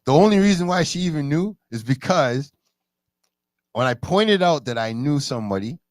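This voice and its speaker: Animated man on a dry mic. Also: normal speed, no echo. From Canada. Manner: animated storyteller, jumps high in pitch for quoted speech. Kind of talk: casual chat.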